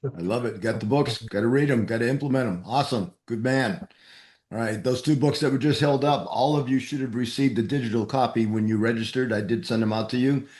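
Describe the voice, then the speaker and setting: A man's voice: mid-range voice, fairly quick, a little mellow, roomy sound. A man from New England with a Boston-area accent, hosting a men's group call in an upbeat, encouraging way. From New England, USA. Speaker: host of a men's mastermind group.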